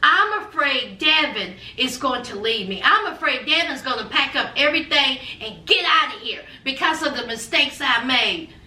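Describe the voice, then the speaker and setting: A woman's voice: high-pitched, animated, moderate pace, few pauses, pushed and bright, roomy sound, distant mic, voice pushed down, full character voice. A woman voicing a self-pitying young Korean man who whines about his failures. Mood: mopey. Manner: mopey, sorry for himself.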